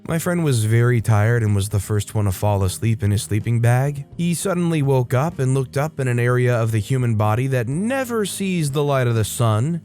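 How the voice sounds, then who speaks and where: A man's voice: mid-range voice, darkish tone. Casual male story narrator. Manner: casual, chatty commentary between stories. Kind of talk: reading online stories aloud.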